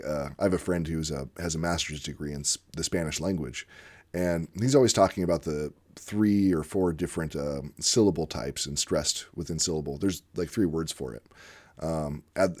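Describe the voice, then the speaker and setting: A man's voice: deep voice, a little mellow. A man talking casually and enthusiastically about language teaching, rambling and full of fillers as he goes. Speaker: channel host discussing language teaching; former literacy teacher. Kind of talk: casual unscripted monologue.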